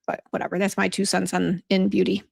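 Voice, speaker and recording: Middle-aged woman, livestream host at home; chatty, flustered, gravelly fry under a mid-range voice. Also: medium pitch, completely flat delivery, a little fast. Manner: chatty, easily flustered, talks to viewers directly. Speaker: skincare formulator hosting a live show. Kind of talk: casual livestream chat. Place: home office at a desk.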